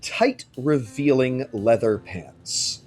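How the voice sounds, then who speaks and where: Animated man running a tabletop game. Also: medium pitch, slow, breathy edge, faint music behind. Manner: animated, casual, swears freely. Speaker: game master.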